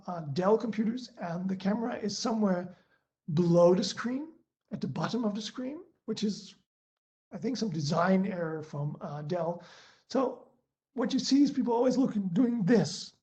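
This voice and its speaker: A man's voice: sits high, animated, moderate pace, darkish tone. A man giving a presentation on a webinar, talking into his laptop's built-in mic, full of ums, uhs and restarts. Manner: hesitant, many fillers and restarts. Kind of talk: online presentation talk. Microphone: laptop built-in mic on a video call. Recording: dull lo-fi video-call audio.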